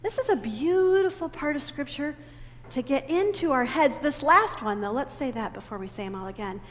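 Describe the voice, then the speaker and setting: A woman leading a children's sermon in a church sanctuary, talking in an animated, teacherly way and having the children repeat lines after her. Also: sits high, normal speed. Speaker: children's message leader. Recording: long reverb in a big church hall, faint ambient noise.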